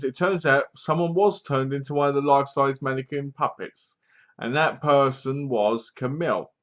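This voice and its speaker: A man's voice: mid-range voice, a bit bright, lo-fi sound. A man retelling a film's plot in a casual review vlog, rambling along with plenty of fillers. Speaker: film reviewer.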